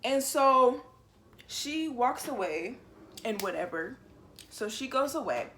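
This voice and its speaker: A young woman telling a story from her own life in a casual, animated and profane way. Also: high-pitched, takes it slowly. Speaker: storytelling vlogger.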